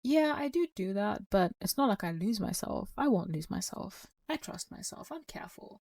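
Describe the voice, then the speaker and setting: A woman's voice: medium pitch, animated, moderate pace, vocal fry, a little mellow, dry recording, distant mic. A woman voicing a self-assured person who brushes off any worry, in a dismissive, confident tone.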